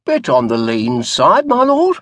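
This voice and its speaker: A man's voice: medium pitch, wildly swooping pitch, a little slow, dry recording. A man voicing a timid, plaintive old male butler who fusses over his master. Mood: fussing. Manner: plaintive, fussing.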